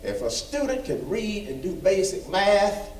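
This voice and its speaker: A man's voice: high voice, sing-song, unhurried, darkish tone. A man giving an emphatic, folksy report at a school board meeting, repeating phrases for stress. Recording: echoey room, far from mic.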